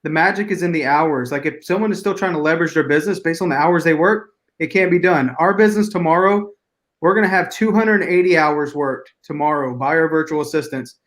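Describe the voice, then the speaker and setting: A man co-hosting a live business stream, upbeat and quick to laugh. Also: fairly high pitch, fairly bright tone. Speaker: podcast co-host.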